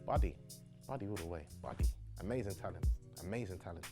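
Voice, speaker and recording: A young man giving quick, upbeat predictions in a casual wrestling chat. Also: deep voice, mellow, faint music behind.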